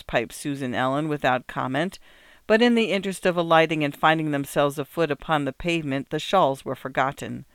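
A man narrating an old-fashioned storybook in a gentle, even, unhurried reading voice. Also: on the high side, smooth, no room sound, studio quality. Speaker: audiobook narrator.

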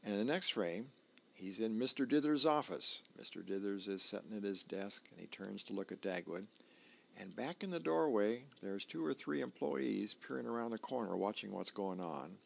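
A man who volunteers reading a newspaper aloud on a reading service, unhurried and plain, with small fillers. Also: lowish voice, animated, vocal fry.

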